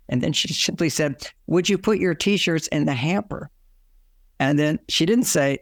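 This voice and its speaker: His voice a little high and creaky at a normal pace, an older relationship author tells stories in a casual interview, animatedly acting out quoted exchanges. The recording is studio quality with no echo.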